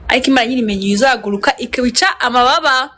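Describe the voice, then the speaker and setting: A woman telling a story in a casual interview, excitable, switching between languages and laughing often. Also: fairly high pitch, very fast.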